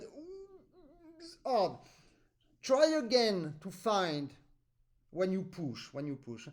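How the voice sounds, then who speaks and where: A French-accented man with a high voice gives an accordion master class over a video call. He is patient, explains with vivid everyday comparisons and sings out the rhythms he wants. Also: darkish tone. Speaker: accordion teacher.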